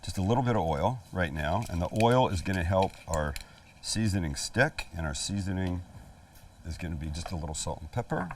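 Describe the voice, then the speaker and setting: A man's voice: sits low, animated, brisk, a little hiss or hum. Chatty man cooking at a sizzling grill. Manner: chatty, joking, talks to the viewer while working. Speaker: cooking show host. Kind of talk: casual cooking demonstration. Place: outdoor kitchen at a flat-top grill. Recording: voice a little far from the mic, faint sizzle. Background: sizzling food on the grill.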